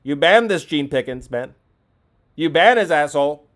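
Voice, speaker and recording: Male call-in host, profane, ranting, mock-indignant, voice sits a touch high. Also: animated, normal speed, fairly bright tone. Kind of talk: comedic call-in banter.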